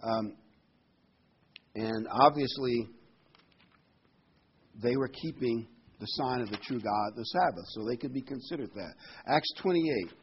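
A man's voice: medium pitch, expressive, unhurried, long pauses, slightly rough, dull audio. A man preaching a Bible sermon in a conversational, emphatic way, his voice rising sharply on key words.

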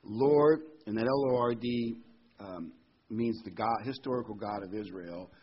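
A man teaching a Bible study in a casual, storytelling way, jumping up in pitch when he quotes people. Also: measured pace, breathy edge. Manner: conversational, storytelling, jumps to a higher pitch for quoted voices. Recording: dull lo-fi sound.

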